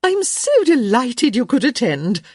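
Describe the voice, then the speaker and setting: A woman voicing an effusive, gossiping society mother who draws out her words in a high, eager voice. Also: big pitch swings, a little mellow, slightly rough, dry recording, studio quality, heavily acted. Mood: gushing. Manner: gushing, slow and emphatic.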